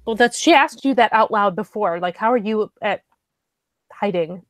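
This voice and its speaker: A woman taking part as a player in a casual tabletop game, explaining her character's moves with quick asides. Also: mid-range voice.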